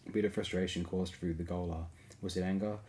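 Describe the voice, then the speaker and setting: A man narrating an audiobook in a steady, measured reading. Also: low-pitched, a little hiss or hum.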